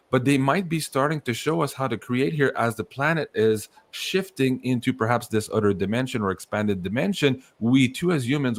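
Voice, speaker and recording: A man hosting a podcast, chatting casually and telling stories with swearing and acted-out quotes. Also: medium pitch. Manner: animated storytelling, swears casually, acts out quotes. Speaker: podcast host.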